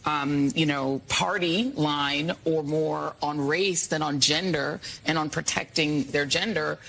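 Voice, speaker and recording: A woman giving measured political commentary, pausing with fillers. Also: low voice, fairly even intonation, gravelly, a bit bright, rough recording. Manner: hesitant, with filler pauses.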